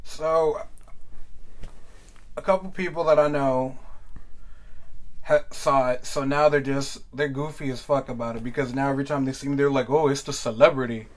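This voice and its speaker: A young man hosting a podcast in casual chat, talking loudly, laughing often and swearing freely. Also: medium pitch, steady tone, moderate pace, pauses often, low-quality recording. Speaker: podcast host.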